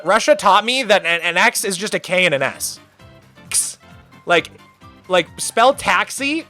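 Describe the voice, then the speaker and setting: A high-voiced young man talks casually on a live stream, his pitch bouncing all over as he rants with mock outrage. His tone is bright and forceful, and faint music plays under his voice. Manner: animated, ranting, quick to exaggerate.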